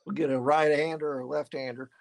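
A man's voice: fairly high pitch, little pitch movement, quick pace, gravelly. A man hosting a podcast in casual chat, laughing along and repeating words, with many fillers. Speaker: podcast host.

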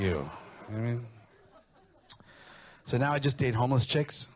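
A man performing a crude stand-up routine, telling stories deadpan and acting out the quotes. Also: medium pitch, brisk, pauses often, a little hiss or hum. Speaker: stand-up comedian.

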